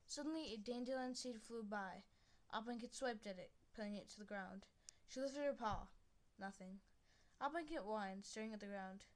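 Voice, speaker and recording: A woman's voice: mid-range voice, normal speed. A woman reading an animal adventure story aloud in an unpolished way, restarting lines and adding chatty asides.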